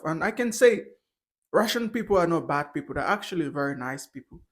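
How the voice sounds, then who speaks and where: A young man talks casually to his camera, with a voice that sits a touch high. He stumbles and restarts often, correcting himself as he goes. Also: animated, brisk, fairly bright tone. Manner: hesitant, with frequent restarts and self-corrections. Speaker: vlogger.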